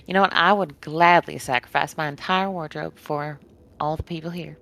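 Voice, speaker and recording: Lady doing a high chirpy teasing girl w/ a magic purse, d&d game. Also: fairly even intonation, unhurried, creaky, fairly bright tone, heavily acted. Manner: playful, teasing. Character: teasing cheerful woman with a bottomless purse.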